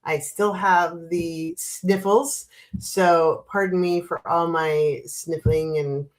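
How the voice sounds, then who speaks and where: A woman's voice: fairly low pitch, steady tone, slow pace. A woman in her fifties with a stuffy, congested nose, chatting casually as host of a live stream and greeting viewers by name with frequent laughs. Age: 50s. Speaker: livestream host.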